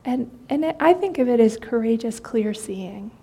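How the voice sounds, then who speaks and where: A woman meditation teacher speaks in a fairly high, mellow voice with a soft, breathy edge. She gives a dharma talk in a gentle, conversational way, often pausing on fillers and restarting her sentences. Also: lively intonation.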